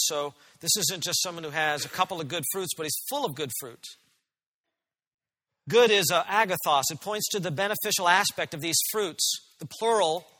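A man's voice: sits high, sharp tone, long reverb tail. A man preaching a sermon as pastor, earnest and emphatic, often asking his listeners questions.

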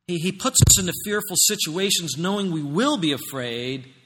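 A pastor preaching a sermon, swinging from loud emphatic declarations to low quiet explanation. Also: male voice, animated, normal speed, big-room sound, a little hiss or hum.

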